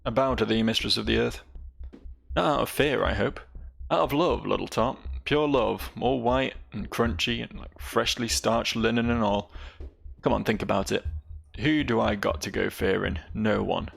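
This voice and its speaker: Brief: a man voicing a sly reformed crime boss, very gravelly, folksy and low-key, game dialogue read aloud. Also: normal speed, heavily acted. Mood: devoted. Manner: rough folksy speech, reading dialogue aloud. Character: sly repentant male gang boss.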